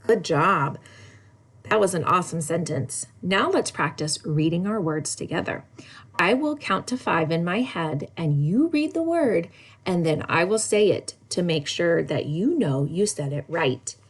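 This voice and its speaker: A woman teaching a recorded lesson for kindergartners, spelling words slowly in a sing-song way. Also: lowish voice, slightly rough. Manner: slow, sing-song spelling with lively ups and downs. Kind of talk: recorded lesson for young children.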